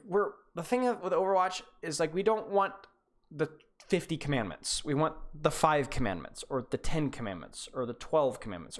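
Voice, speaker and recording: A game coach reviewing a player's match live on stream, blunt and sarcastic, often repeating words while thinking aloud. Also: medium pitch.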